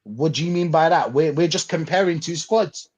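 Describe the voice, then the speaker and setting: A man's voice: a little high, moderate pace, darkish tone, a little hiss or hum. A man hosting a live fan show over a video call, reading out viewer comments and reacting to them. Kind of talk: casual live-stream chat.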